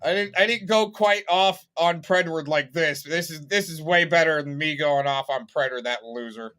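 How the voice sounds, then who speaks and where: A man's voice: a little high, moderate pace, bright, forceful tone, clean tone, faint music behind. Amused, laughing man commentator. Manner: laughing often, rambling, amused. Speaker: streamer reacting to a clip. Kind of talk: mocking reaction commentary.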